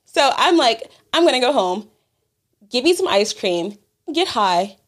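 A woman's voice: fairly high pitch, big pitch swings, measured pace. Profane, exasperated woman telling a story. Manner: profane, exasperated, laughs often. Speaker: podcast co-host. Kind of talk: casual storytelling chat.

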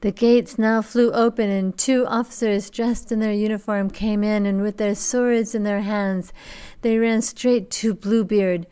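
A woman lecturer reads a fairy tale aloud at a slow, measured pace. Her voice sits at a middle pitch and stays deliberate throughout. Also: fairly even intonation, dark tone, smooth.

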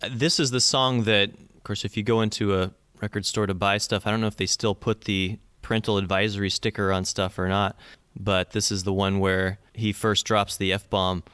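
A man's voice: fairly low pitch, little pitch movement, moderate pace, hardly any pauses, a bit bright, smooth, no room sound. A man co-hosting a casual album review chat, talking thoughtfully with many fillers and restarts. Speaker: album review podcast co-host.

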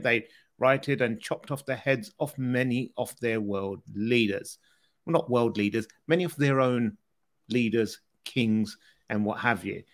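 A man's voice: mid-range voice, a bit bright. A British man co-hosting a podcast, chatting casually and joking with frequent laughs. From Britain. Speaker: podcast co-host.

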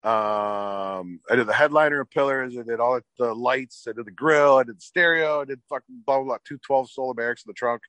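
A man's voice: medium pitch, a little fast, hardly any pauses, a bit bright, no room sound. A man telling a long car story in casual chat, swearing often and filling with "like". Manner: profane, rambling, fillers like "like".

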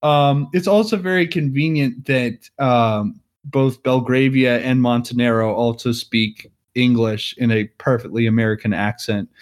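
A man in a relaxed podcast chat, talking through a film's plot at a middling pitch. He rambles and leans on "like" a lot. He keeps breaking into small chuckles. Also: measured pace, few pauses. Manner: rambling, heavy on "like", chuckles often. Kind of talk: casual movie recap chat.

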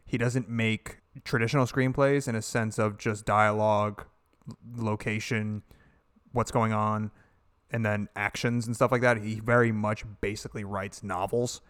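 A man's voice: on the low side, little pitch movement, normal speed, fairly bright tone, smooth. A man co-hosting a casual film podcast, talking in a laid-back, rambling way and often restarting his sentences. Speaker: podcast co-host.

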